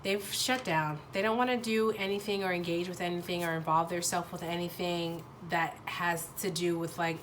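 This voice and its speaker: Nasal woman giving a halting tarot reading. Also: on the low side, steady tone, a little hiss or hum. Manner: halting, searching for words with many restarts. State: nasal from a sinus infection. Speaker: tarot reader. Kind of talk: casual intuitive tarot reading.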